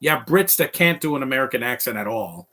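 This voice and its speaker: A man's voice: medium pitch, expressive, fast, pushed and bright. A man giving casual live commentary over a film, chatty and reacting as it plays. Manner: chatty, quotes film lines along.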